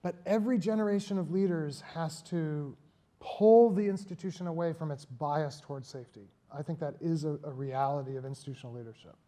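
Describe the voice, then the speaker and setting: A male author with a fairly high voice speaks before a live audience. He is reflective and thoughtful, then turns animated when he tells a story, and he laughs often. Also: a little fast.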